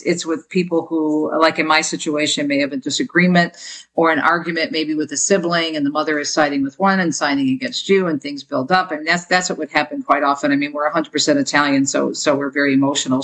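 A woman's voice: low-pitched, fairly bright tone. A woman author being interviewed on a talk show, speaking earnestly and telling stories. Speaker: guest author.

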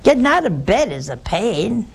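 A woman's voice: medium pitch, very animated, normal speed, creaky, a little hiss or hum, rough recording. An older woman, a religious sister, giving a spiritual talk full of personal stories and rhetorical questions to her listeners.

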